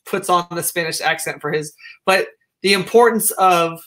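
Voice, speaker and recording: A man from the United States hosts a casual discussion in a bright, tense-edged voice. He drifts between points, often restarting his sentences and trailing off into fillers. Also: high-pitched. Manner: digressive, halting, many restarts and fillers. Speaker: host.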